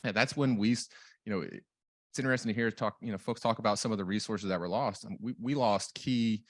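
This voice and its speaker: A man's voice: fairly low pitch, brisk, no echo, clean studio sound. A man in his thirties with a Southern US accent, speaking as a panelist in a conversational way, with many fillers and restarts. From southeastern United States. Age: 30s. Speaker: tribal government official, panelist. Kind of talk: panel talk.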